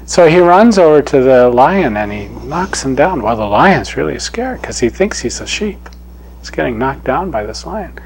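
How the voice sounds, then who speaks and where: A man giving a spiritual talk as a teacher, telling a parable in an unhurried, gently chuckling way. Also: mid-range voice, big pitch swings, breathy edge, poor audio.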